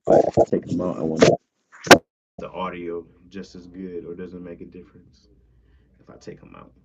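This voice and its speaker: A man's voice: deep voice, little pitch movement, normal speed, lo-fi sound, very noisy. Laid-back man chatting on a livestream. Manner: laid-back, laughs often, reads chat aloud. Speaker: livestream host. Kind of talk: casual live chat with viewers. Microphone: tablet mic with earbuds.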